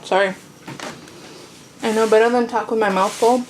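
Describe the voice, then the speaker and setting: A woman's voice: a little high, fairly even intonation, moderate pace, pauses often, a little hiss or hum. A woman casually talking through a home baking demonstration, chatty and self-teasing, tasting as she goes. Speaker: home cooking vlogger. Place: home kitchen.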